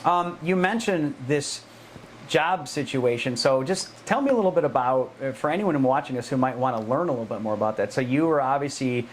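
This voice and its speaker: A Chicago man hosts a casual podcast interview, talking fast and heaping praise on his guest. His voice sits at an everyday pitch. Faint background noise runs beneath it. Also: lively intonation. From Chicago, United States. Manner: enthusiastic, quick, affirming. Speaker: podcast host.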